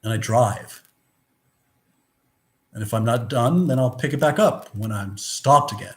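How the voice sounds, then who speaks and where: A man's voice: mid-range voice, measured pace. A man giving a rambling, philosophical monologue, blunt and profane, with many restarts. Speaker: vlogger. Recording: roomy echo.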